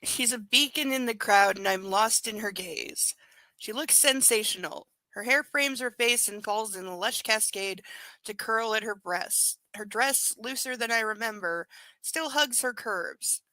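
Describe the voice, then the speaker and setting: Woman livestream reading a book, bright kinda high voice, snarky side comments, dry room. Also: a little slow, no echo. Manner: sarcastic asides and baby talk to her dog. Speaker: host reading a book aloud. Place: home desk with her dog on her lap.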